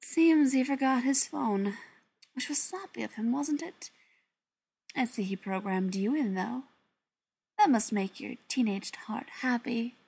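A woman's voice: lowish voice, slow, few pauses, a little mellow, husky, voice pushed down, full character voice. Beckett, a woman voicing a drawling vampire man. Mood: amused. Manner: drawling, teasing. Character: amused drawling male vampire, mocking.

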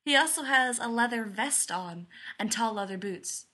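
A woman reading a story aloud in a lively, expressive way. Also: on the high side, normal speed. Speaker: reader.

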